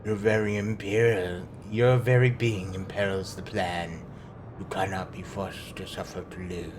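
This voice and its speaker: A man voicing a grandiose, menacing male dark summoner with solemn archaic declamation, over game music. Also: low-pitched, fairly even intonation, measured pace, noisy background, voice pushed down.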